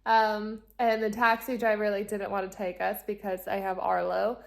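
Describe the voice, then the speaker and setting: Woman vlogger, casual storyteller, slight fry in her voice, laughs and acts out the people she quotes. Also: mid-range voice, normal speed. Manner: animated, acts out quoted exchanges, laughs often. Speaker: travel vlogger.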